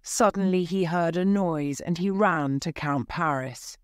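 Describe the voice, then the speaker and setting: A woman reading a simple story aloud for English learners, slow and careful. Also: fairly low pitch, clean tone, dry recording, studio quality. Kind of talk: slow graded-reader narration for English learners.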